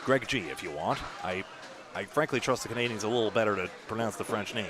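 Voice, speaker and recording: A man calling bowling play-by-play, animated on each shot with chatty asides. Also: fairly low pitch, fast. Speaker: play-by-play commentator. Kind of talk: live sports commentary. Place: bowling alley. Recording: noisy bowling alley broadcast.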